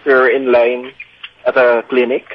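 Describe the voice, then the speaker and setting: A man calling into a radio show, haltingly telling a story and slipping into Tagalog. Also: medium pitch, monotone, muffled recording. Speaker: caller.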